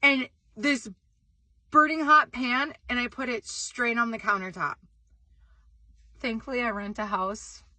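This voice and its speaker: An excitable young woman chatting on her vlog, her voice bright and forceful with a slightly high pitch. She rambles with lots of "like"s, and the sound is dry and close. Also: unhurried, long pauses, dry recording. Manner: excitable, animated, screams in retold moments, many "like"s. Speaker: vlog host. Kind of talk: casual storytelling vlog.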